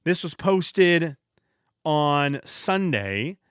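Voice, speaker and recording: A man in his thirties hosting a casual solo podcast, telling stories in an animated, joking way and often restarting his sentences. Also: a little high, drawn-out words, clear, resonant tone, dry recording, studio quality. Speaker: podcast host.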